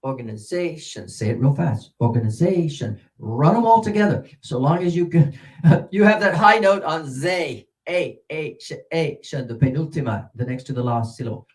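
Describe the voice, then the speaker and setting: A man giving a workshop on teaching English pronunciation, repeating words slowly and counting syllables aloud. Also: on the high side, lively intonation. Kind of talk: teacher-training workshop talk. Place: presentation room with a mic.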